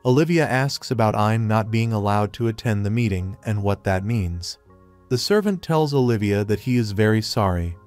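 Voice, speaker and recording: A man narrating a fantasy story recap in a flat, even third-person retelling. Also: lowish voice, normal speed. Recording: faint music behind. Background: soft background music.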